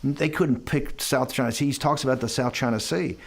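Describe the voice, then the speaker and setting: A man with a brisk, gravelly, mid-range voice is an interview guest, telling a long anecdote in conversation. He rambles, restarts sentences, and quotes other people with "I go."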